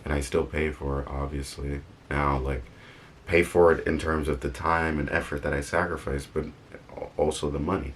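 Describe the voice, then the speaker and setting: A rumbling low voice at a moderate, level pace, with slight background noise behind it. In his laid-back motivational vlog, the young man wanders, self-corrects, and drops playful asides.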